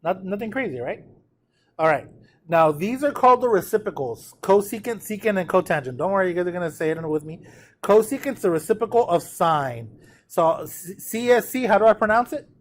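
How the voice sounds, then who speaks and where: Man teaching a class, higher voice. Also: animated, brisk, slight background noise. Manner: drills pronunciation, asks the class to repeat; frequent check-ins with students. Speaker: math teacher. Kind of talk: classroom lecture.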